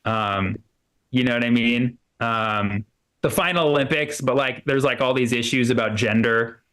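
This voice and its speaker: A man's voice: mid-range voice, steady tone, unhurried, fairly bright tone. A man doing a loose, rambling stand-up comedy set in a comedy club, full of fillers and restarts.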